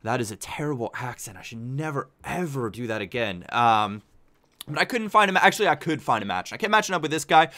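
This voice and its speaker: A man's voice: mid-range voice, animated, a little fast, bright, forceful tone. A man hosting his gaming channel, giving casual, chatty commentary over his football match and thinking aloud as he plays. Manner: chatty, upbeat, thinks aloud while playing.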